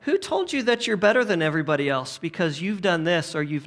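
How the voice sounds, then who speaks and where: A man preaching a sermon, swinging from emphatic questions to hushed near-whispers. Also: on the high side, expressive, a little fast. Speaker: pastor.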